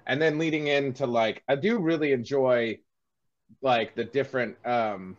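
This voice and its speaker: A man's voice: medium pitch, measured pace, muffled recording. A man hosting a podcast, retelling movie scenes in a rambling, filler-heavy way. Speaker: podcast host. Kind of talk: casual movie review chat.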